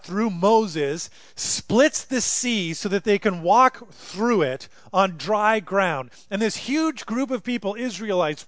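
Higher-voiced man preaching conversationally. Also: a bit bright, dry recording. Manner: conversational storytelling with rhetorical questions. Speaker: pastor. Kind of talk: sermon.

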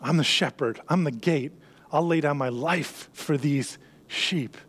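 A man preaching a sermon in an earnest way, often dropping to a soft hush on key lines. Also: fairly high pitch, unhurried. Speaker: pastor.

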